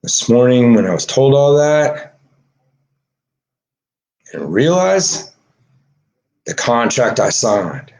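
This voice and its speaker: A man delivering an emotional monologue, agitated and swearing, swinging from low mutters to shouting. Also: sing-song, takes it slowly, gravelly, pauses often. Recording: echoey room.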